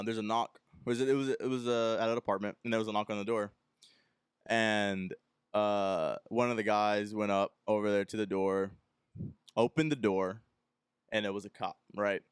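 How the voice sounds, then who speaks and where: A young man from Texas tells a long anecdote on his solo podcast. His voice sits low and sounds smooth and resonant, and he jumps into the voices of the people in his story. The sound is close and dry, with no room in it. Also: dry recording. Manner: rambling anecdote, acting out the people he quotes. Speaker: podcast host.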